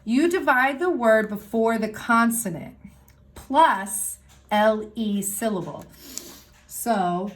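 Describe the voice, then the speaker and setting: A woman teacher giving a recorded lesson to young children, explaining worksheets step by step in a clear, patient way. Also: a little high, expressive, slow pace, slight background noise. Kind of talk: recorded remote class lesson.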